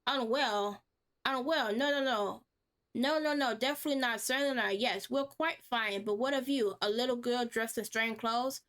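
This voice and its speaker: Woman doing a confused drifting man who repeats himself, high-ish, game dub read. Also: moderate pace, a bit bright, natural voice. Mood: dreamy. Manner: singsong, repeats words, drifting off.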